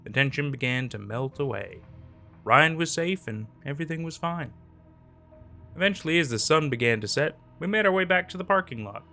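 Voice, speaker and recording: A man's voice: a little high, lively intonation, normal speed, creaky, sharp tone. A man narrating a scary story in a dramatic, tense scripted style over faint background music.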